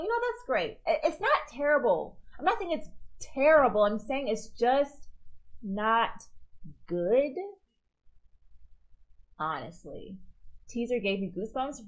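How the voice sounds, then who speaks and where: A woman streamer giving casual, animated reaction commentary and answering viewer comments as she goes. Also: fairly high pitch, rough recording. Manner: chatty, reads viewer comments aloud, animated.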